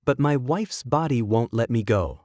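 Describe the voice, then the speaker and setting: A man voicing a patient, coaxing young male alpha lover, speaking softly and pleadingly in a coquettish tone. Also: medium pitch, expressive, normal speed, no echo, studio quality, natural voice.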